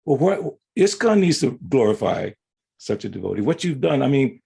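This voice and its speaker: A man's voice: medium pitch, sing-song, moderate pace, vocal fry, dark tone, slightly rough. An older man speaking earnestly and affectionately about a fellow devotee.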